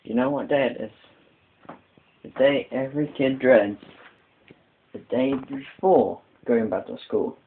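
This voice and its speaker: A teenage boy rambles through a casual vlog, complaining in an exaggerated, whiny way. His voice sits at an ordinary middle pitch. The sound is thin and phone-like, with faint hiss behind it. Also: unhurried, long pauses. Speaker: vlogger.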